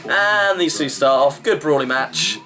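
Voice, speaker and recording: A man's voice: fairly high pitch, unhurried, sharp tone, soft background music, poor audio. A man giving a chatty, wry running review of a wrestling show, rambling with fillers. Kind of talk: casual vlog review.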